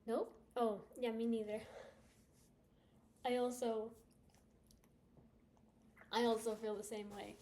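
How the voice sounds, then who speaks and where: Woman, livestreamer, casual chat, rambling, laughs a lot, fairly high voice. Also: level tone, slow, pauses often, warm tone. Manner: chatty, rambling, laughs often.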